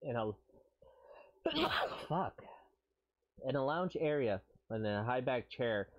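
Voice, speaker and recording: A man narrating a tabletop game as game master on a live stream, halting, with many fillers and casual swearing. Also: medium pitch, expressive, highs cut off.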